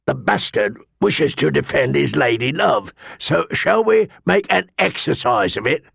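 A man voicing a cruel, mocking master-at-arms with a sharp, cold voice in an audiobook. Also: medium pitch, lively intonation, unhurried, gravelly, husky, dry recording, clean studio sound, full character voice. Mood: sneering. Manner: taunting, sneering. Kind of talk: audiobook character voice.

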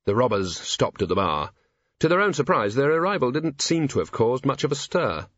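A man reading a novel aloud as a narrator, in a measured, dry storytelling manner. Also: medium pitch, very animated, a bit bright, no room sound. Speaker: audiobook narrator. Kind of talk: scripted narration. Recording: dull, dry lo-fi recording.

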